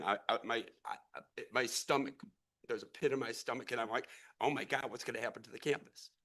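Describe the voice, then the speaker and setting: At the council meeting, the St. Louis-raised investor, a middle-aged man, has a bright, forceful medium-pitched voice. He rambles with conviction, earnestly repeating himself and restarting words.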